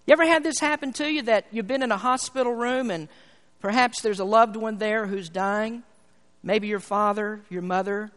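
High-voiced preacher in an echoing hall. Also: male voice, fairly bright tone. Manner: emphatic preaching with rising, repeated phrases. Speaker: pastor. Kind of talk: sermon. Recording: long reverb of a large hall.

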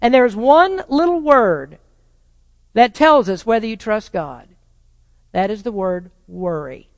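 A pastor preaching to a congregation in a large church hall, the voice trailing into a long reverb. The delivery swings from loud, rising proclamation down to quiet, pointed rhetorical questions. The voice sits at a middle pitch, and the nearby sound of the speech itself stays dry. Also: expressive, takes it slowly, gravelly. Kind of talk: sermon.

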